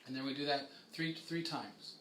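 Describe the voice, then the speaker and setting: A man teaching a kundalini yoga and breathing class, calmly guiding students with casual fillers. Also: medium pitch, a little hiss or hum. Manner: calm, slow guiding chant with many fillers. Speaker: yoga instructor. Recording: echoey room with faint ambience.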